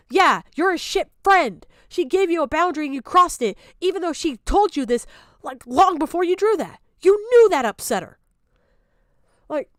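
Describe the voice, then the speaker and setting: A woman's voice: high-pitched, fairly bright tone, dry recording. A young woman streamer ranting heatedly on stream, swearing and hammering the same point again and again. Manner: heated, profane, repeating her points. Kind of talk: angry reaction rant.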